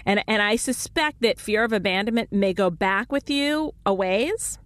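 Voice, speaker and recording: A woman in her thirties hosting a call-in relationship advice radio show, explaining quickly with many restarts and laughing easily. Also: medium pitch, a bit bright, no room sound.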